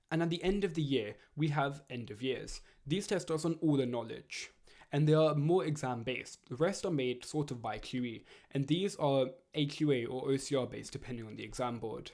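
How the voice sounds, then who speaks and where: A teenage boy, reading out study advice in a steady, earnest, scripted way. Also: medium pitch. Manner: earnest, steady, read-aloud delivery. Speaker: student giving study advice. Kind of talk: scripted educational narration.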